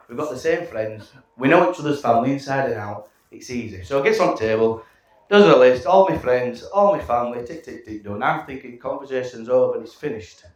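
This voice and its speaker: Best man, 30s, cheeky storyteller, lively voice, roomy hall with loud chatter. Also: medium pitch. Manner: cheeky storytelling, playful swearing. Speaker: best man giving a wedding speech. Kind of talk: wedding speech to guests. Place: wedding reception hall. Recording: echoey hall from far off, loud room noise.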